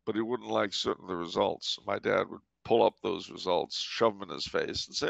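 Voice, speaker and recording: A man's voice: on the low side, fairly even intonation, a little fast, gravelly, hardly any pauses, no room sound, lo-fi sound. A man hosting a podcast, telling a story with dry, wry commentary. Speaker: podcast host.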